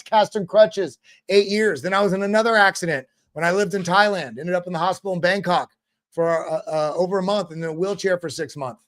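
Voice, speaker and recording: Crypto host guy with a pretty high voice, casual pep talk, rambly and repeats words a lot. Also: fairly bright tone.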